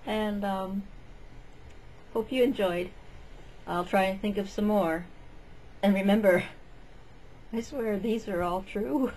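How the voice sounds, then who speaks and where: A woman's voice: medium pitch, darkish tone, a little hiss or hum, poor audio. A woman telling a story in a casual vlog, chatty and meandering, full of "like" and "um".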